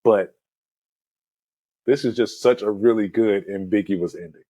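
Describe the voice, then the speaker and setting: A man in his forties with a lowish voice, hosting a casual movie chat. He retells scenes with animated, rambling energy and drops "man" and "you know" constantly. The sound is dry, with no room echo. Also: measured pace. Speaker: movie podcast host.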